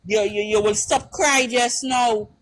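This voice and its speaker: A woman's voice: on the high side, fairly even intonation, a little slow, low-quality recording. A woman with a Trinidadian accent, speaking as a caller on a live-stream panel. She talks in an impassioned, emphatic way, repeats her points and keeps asking whether you understand.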